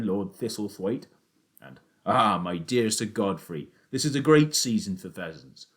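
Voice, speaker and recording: A man voicing a scheming, excitable father as he reads a children's audiobook aloud; the father talks low and conspiratorial, then gets worked up. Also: lightly acted. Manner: hushed and conspiratorial, then rousing.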